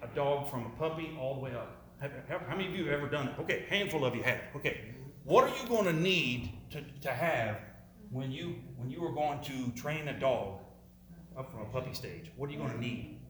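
A fairly bright, mid-range male voice, animated and a little fast, carries an interactive slide presentation. The speaker quizzes his live audience, repeats phrases, and jokes in asides, and the recording is roomy with faint noise.

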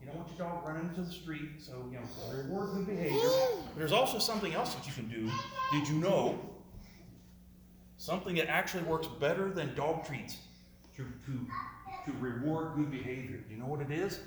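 His pitch is fairly high and his intonation lively as he moves fairly quickly through a slide talk before a live audience. He asks questions, repeats himself, and tosses in jokey remarks, all captured in a roomy recording with slight noise.

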